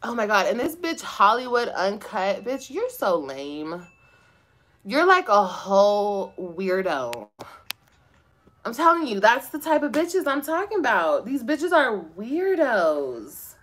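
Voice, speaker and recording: A woman's voice: medium pitch, big pitch swings, slow, a bit bright. Sassy, profane young woman ranting. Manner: blunt, profane, sassy, laughing often. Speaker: livestreamer. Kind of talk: casual live-stream rant.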